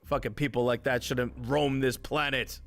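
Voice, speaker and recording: A man's voice: mid-range voice, fairly even intonation, moderate pace, a bit bright. A man live streaming, ranting at his chat with heavy swearing, mocking viewers and laughing often. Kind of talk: profane rant at live chat.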